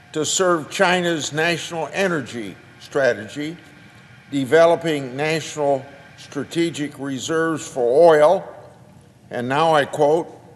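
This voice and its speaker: An older man, a senator, reading a prepared floor speech in a slow, halting way, restarting words and marking each quotation. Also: on the high side. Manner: slow, halting delivery with restarts and careful quoting. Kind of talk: prepared speech read aloud. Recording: long reverb of a large chamber.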